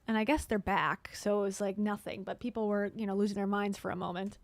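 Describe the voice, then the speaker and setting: A woman's voice: medium pitch, fairly even intonation, brisk, no room sound. Joking woman host, dry close sound. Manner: wry, joking, laughs at herself. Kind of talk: casual commentary chat.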